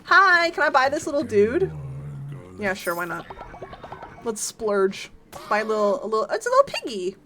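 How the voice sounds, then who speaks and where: A woman's voice: a little high, normal speed. A woman streaming a game, chatting casually and giggling with her viewers, swearing often. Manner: animated and giggly, greets chat, swears often. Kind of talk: casual live-stream chat while gaming. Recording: game music playing under voice.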